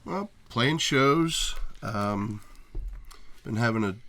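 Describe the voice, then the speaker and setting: A man guesting on a casual podcast, speaking haltingly with dry humor. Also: medium pitch, expressive, sharp tone, a little hiss or hum. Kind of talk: casual chat. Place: record garage.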